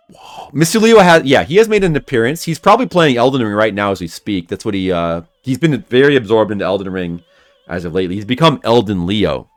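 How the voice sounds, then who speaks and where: Streaming a video game, a man with a lowish voice talks briskly and with lively intonation. He keeps up casual, goofy joking commentary for his viewers and laughs often.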